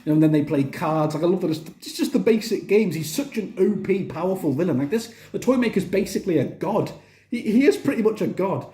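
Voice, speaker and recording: A man's voice: high voice, lively intonation, a little fast, warm tone, echoey room. A young man casually reviewing a TV series, enthusiastic and rambling, with frequent restarts. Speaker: TV review vlogger.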